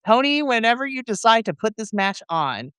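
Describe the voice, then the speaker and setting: A man co-hosting a casual podcast, animated and playful, acting out his reactions. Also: very high-pitched, normal speed, clear, resonant tone, dry recording. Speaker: podcast co-host.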